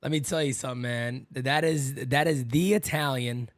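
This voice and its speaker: Guy hosting a ballgame watch party, animated, cusses a lot, does loud goofy impressions, regular pitch. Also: normal speed, no room sound, clean studio sound. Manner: animated storyteller, loud imitations, swears freely. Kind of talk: casual baseball watch-party chat.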